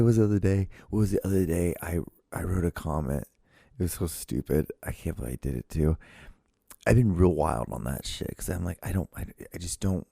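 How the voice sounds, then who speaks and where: A man with a low, gravelly voice hosts his own show and rambles through a casual solo monologue, cursing freely and restarting sentences often. His tone is dark and mellow, recorded dry and close with no room sound. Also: no room sound. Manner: rambling, profane, many restarts. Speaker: podcast host.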